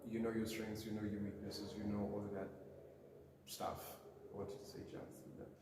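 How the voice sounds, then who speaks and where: As a guest on a podcast, a young adult man speaks at normal speed in a lowish voice with little pitch movement. His conversation is casual, rambling and self-deprecating, thick with fillers, recorded in an echoey, noisy campus room with the mic far away.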